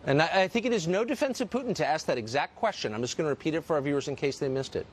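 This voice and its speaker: A man's voice: fairly high pitch, lively intonation, rapid-fire, a little hiss or hum. A man hosting a news interview, probing his guest with pointed questions. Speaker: news show host.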